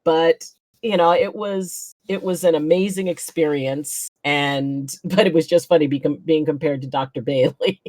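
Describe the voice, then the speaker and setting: A woman's voice: sits low, normal speed, darkish tone, no echo. A woman, a chiropractor, guesting on a casual chat show and telling stories animatedly, acting out what people said and laughing often.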